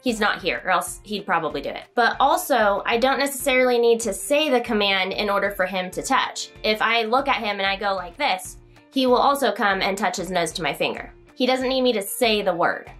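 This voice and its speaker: A young woman vlogger telling a story in a chatty, animated way, now and then talking to her dog. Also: mid-range voice, fairly quick, faint music behind. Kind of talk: casual storytelling vlog.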